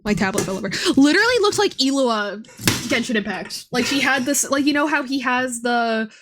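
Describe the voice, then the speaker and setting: High-voiced woman telling a rambling story. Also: lively intonation, brisk, background noise. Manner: rambling with frequent ums and bursts of laughter. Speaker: streamer. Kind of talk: casual live-stream storytelling.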